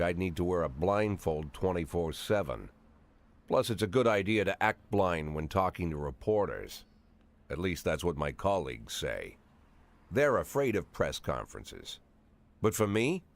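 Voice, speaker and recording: An actor playing a cynical police chief in his sixties, narrating a game with dry, world-weary calm. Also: sits low, creaky, heavily acted. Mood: brooding. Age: 60s.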